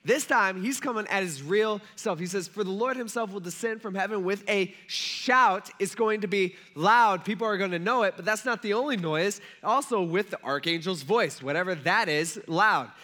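A man delivers a relaxed, conversational sermon, retelling scripture like a story with voiced characters. His voice sits high for a man and rings bright and forceful. He swings between loud, emphatic lines and hushed asides. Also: normal speed, hardly any pauses. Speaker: preacher. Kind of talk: casual sermon.

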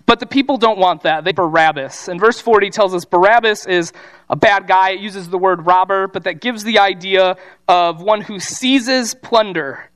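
Guy with a high voice giving a laid-back sermon, reads verses then paraphrases them like a chat. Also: moderate pace, a bit bright. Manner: casual paraphrasing of scripture in modern speech. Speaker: pastor. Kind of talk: sermon with scripture reading.

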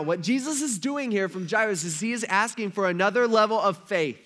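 High-voiced pastor preaching casually. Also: male voice, expressive, fairly quick, few pauses, a bit bright. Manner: slangy and informal, acts out the story characters in everyday speech. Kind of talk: casual conversational sermon.

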